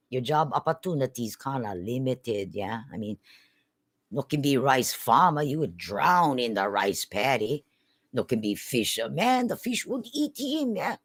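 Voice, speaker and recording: A woman with a Hawaiian Pidgin accent tells a folk tale in a low, slow voice. Her pitch swings widely and animatedly. The sound is dry and close. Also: breathy edge, no room sound. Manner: animated, chatty asides with tag questions. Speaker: storyteller. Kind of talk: lively folk-tale storytelling.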